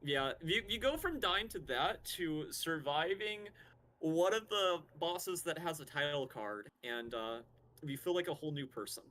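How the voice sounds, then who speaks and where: A young man chatting casually as a guest on a gaming stream, animated and jokey. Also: a little high, a little slow, low-quality recording.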